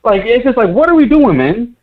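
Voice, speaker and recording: A young man rants frantically into a call-in sports show, his high voice jumping all over and cracking into shouts as he stutters. The call sounds dull and lo-fi. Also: sing-song, brisk. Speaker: caller.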